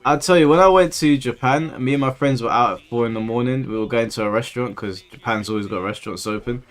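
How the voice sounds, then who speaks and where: A man's voice: mid-range voice, fast. Brief: London-accented man, 30s, stream host, chatty storyteller who slips into quoted voices, easygoing. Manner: rambling storyteller, acts out quoted speech. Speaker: livestream host. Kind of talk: casual livestream chat with viewers.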